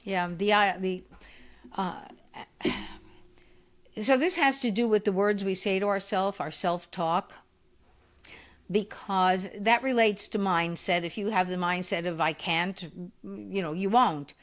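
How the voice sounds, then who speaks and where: An older woman in her eighties, a physical therapist, speaks as a guest in a podcast interview. Her voice sits at an ordinary middle pitch, and she tells her stories with energy, slipping into the voices of the people she quotes. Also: a little slow. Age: 80s. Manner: animated storyteller who acts out quoted voices.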